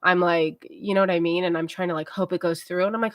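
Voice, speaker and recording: A woman's voice: lowish voice, fairly even intonation, fast, dry recording, studio quality. Tired, chatty woman storyteller. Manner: rambling, filler-heavy, self-talking. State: tired, mellow. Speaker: livestream host. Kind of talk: casual storytelling chat.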